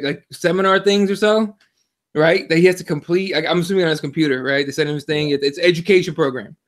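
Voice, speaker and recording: A man co-hosting a combat sports podcast, talking in a casual, profane, excitable way and telling stories with lots of animation. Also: high voice. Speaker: podcast co-host.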